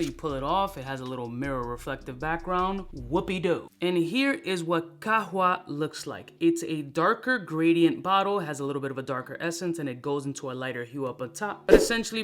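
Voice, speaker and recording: A man hosts a casual fragrance review in a loose, animated way. He peppers his talk with slang and jokes. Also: a little high.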